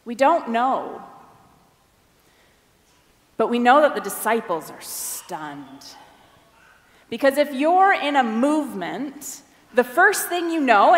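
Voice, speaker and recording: A fairly high-voiced woman delivers a sermon in a relaxed, conversational way. She briefly acts out the voices of the people in the story. Her voice rings with the long reverb of a large hall. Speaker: preacher.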